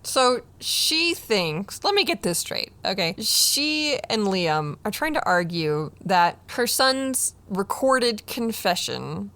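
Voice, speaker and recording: Woman co-host, incredulous reactions, lively pitch swings. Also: takes it slowly, hardly any pauses. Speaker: podcast co-host. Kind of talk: true crime podcast chat.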